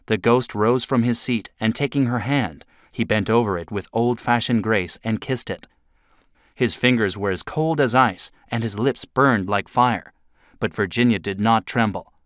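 A man narrating a children's story in a steady, clear storytelling manner, recorded close to the mic. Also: on the low side, normal speed, dry recording.

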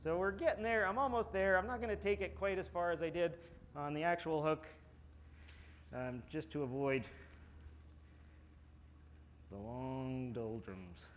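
High-voiced guy at a smithing demo, rambly and jokey, faint shop noise in the back. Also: measured pace, long pauses. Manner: joking, rambling, many fillers. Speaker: blacksmithing demonstrator. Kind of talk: live demonstration with storytelling. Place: smithing conference demo area.

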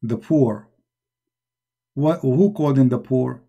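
A man's voice: medium pitch, takes it slowly, gravelly, dark tone, dull audio. A man hosting a live online discussion, speaking in a mocking, emphatic and repetitive way, with non-native English grammar. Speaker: online debate host.

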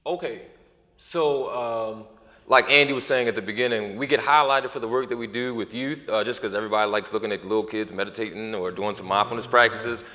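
A man's voice: fairly low pitch, brisk, pushed and bright. A man giving a conference talk in an easygoing way, with lots of uh and you know. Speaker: conference presenter. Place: conference hall. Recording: echoey hall.

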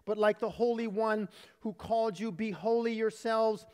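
A man preaching a sermon as pastor, animated and humorous, acting out voices in his storytelling. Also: high-pitched, moderate pace, clear, resonant tone, big-room sound. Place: church sanctuary.

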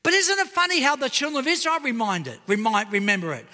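High bright-voiced preaching pastor. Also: male voice, quick pace, in a large hall. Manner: animated preaching, calls out to the congregation. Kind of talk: sermon. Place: church auditorium.

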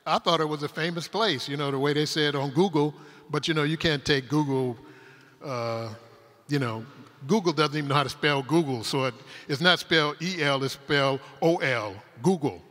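A man's voice: a little high, normal speed, a bit bright. A man from Detroit, giving a rambling, humorous storytelling talk on a conference stage, full of asides. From Detroit, Michigan, USA. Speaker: conference speaker. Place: converted industrial hall used as a conference venue. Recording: long hall reverb.

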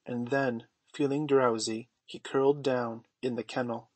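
A man narrating a storybook audiobook in a gentle, measured way. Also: mid-range voice, little pitch movement, dry recording. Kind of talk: storybook reading.

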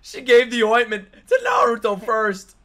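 A young man streaming anime reactions from his room, excitable and profane, often breaking into laughter. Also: very high-pitched, normal speed. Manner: excitable, swears a lot, bursts into laughter. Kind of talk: casual reaction commentary.

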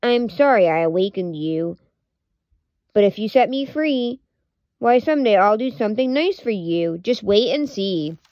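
Timid little mouse, breathy and pleading, read by a woman; lo-fi dry. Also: medium pitch, expressive, measured pace, no echo, natural voice. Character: timid tiny frightened mouse.

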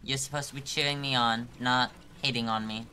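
Man, game streamer, bright voice, teasing and mock-dramatic, casual live chat. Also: mid-range voice, steady tone, fairly quick, slight background noise.

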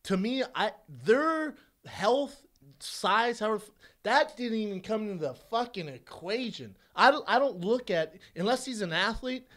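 High, lively-voiced man joking around. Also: unhurried. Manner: blunt, joking, swears freely. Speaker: podcast co-host. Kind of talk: casual chat.

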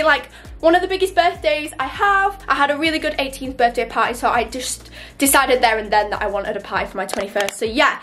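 A young woman vlogs to a handheld camera at home in a high, light voice. She rambles in a chatty, bubbly way, and faint music plays behind her. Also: fairly bright tone. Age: young adult. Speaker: vlogger. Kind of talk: casual vlog to camera. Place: home, indoors.

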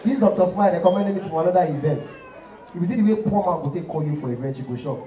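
A young stand-up comedian who tells his stories loudly and with animation. His voice is high for a man, and it rings through a roomy hall from a distant mic. A faint crowd murmurs behind him. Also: fast talker, a little hiss or hum. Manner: animated, loud storytelling in pidgin-tinged English. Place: live stage before an audience.

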